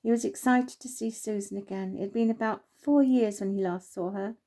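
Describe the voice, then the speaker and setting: Mellow woman reading a story. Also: mid-range voice, fairly even intonation. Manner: gentle, unhurried, with small slips. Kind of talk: reading her own children's story aloud.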